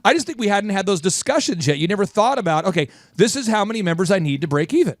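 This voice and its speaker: A man hosting a business talk show, energetic and playful, steering the talk with rapid leading questions and comic asides. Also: sits high, no echo, studio quality. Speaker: host.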